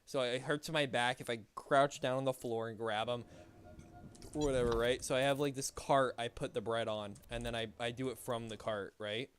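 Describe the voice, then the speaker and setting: A man's voice: medium pitch, fairly even intonation, normal speed, slight background noise. A young man streaming a game, chatting casually in a rambling, laid-back way with lots of swearing and filler words. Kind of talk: casual chat while gaming.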